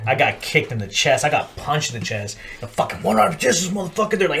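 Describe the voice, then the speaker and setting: A young man on a podcast, swearing constantly and shouting out quoted lines as he tells stories. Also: high voice, fast, hardly any pauses. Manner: profane storytelling, acts out shouted quotes. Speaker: podcast host. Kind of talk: casual podcast chat. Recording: faint background noise.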